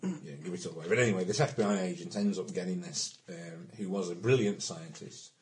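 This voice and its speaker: A man playing a tabletop game, chatting casually and telling stories with animated delivery. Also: fast, slight background noise. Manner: animated storyteller, swooping pitch. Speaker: player.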